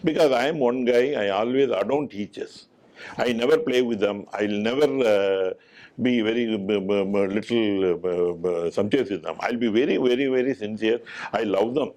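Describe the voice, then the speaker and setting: A middle-aged man, a doctor telling an anecdote in an animated way, with frequent stumbles and restarts. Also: on the low side, normal speed. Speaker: doctor giving a talk. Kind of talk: anecdotal storytelling talk.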